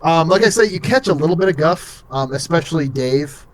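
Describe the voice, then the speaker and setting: A man's voice: fairly high pitch, animated, a little fast. A young man narrating as game master in a casual, rambling way full of fillers.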